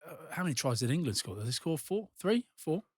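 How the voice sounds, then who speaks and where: A man, a former player turned rugby pundit, talking through match action in an animated, casual podcast chat. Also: a little high, fast, slightly rough, no echo, clean studio sound.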